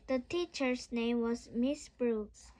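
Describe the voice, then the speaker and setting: Brief: woman narrator of a kids' book, high voice, slow, careful delivery. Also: dark tone. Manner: careful, repeats words after slips. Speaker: storybook reader. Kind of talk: children's book read-aloud.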